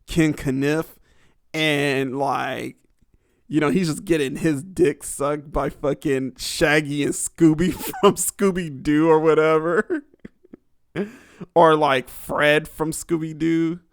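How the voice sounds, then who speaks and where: Crude, laughing young man with a higher voice. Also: fairly even intonation, slow pace, clean tone, no echo, clean studio sound. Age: young adult. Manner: crude, rambling, laughs often. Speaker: podcast host. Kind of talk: casual podcast monologue.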